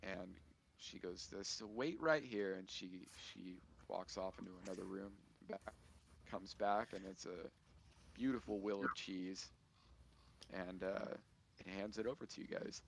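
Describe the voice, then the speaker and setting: A man's voice: sits low, flat delivery, measured pace, vocal fry, slight background noise. A man narrating a tabletop game as game master in an easygoing way. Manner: easygoing, with restarts.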